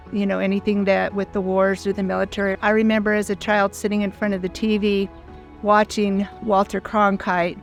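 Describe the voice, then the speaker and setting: An older woman in her sixties tells her story in an earnest, heartfelt, plain-spoken way. Her voice sits at a middle pitch and stays quite flat and level. Soft music plays faintly behind her. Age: 60s. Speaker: foundation founder. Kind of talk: personal storytelling.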